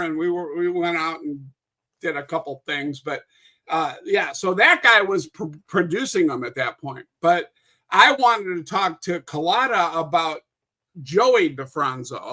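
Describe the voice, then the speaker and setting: A man with a high, bright voice chats casually as a podcast guest. He rambles through long stories, restarting sentences and swearing now and then. He sounds like an unscripted conversation. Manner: rambling, with frequent restarts and profanity.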